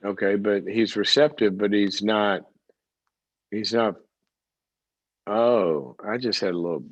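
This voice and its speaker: A man's voice: fairly low pitch, slow, no room sound, lo-fi sound. A man hosting a call-in advice show, coaching a caller in a direct way and acting out parents and kids in short bursts. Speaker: call-in show host, psychologist.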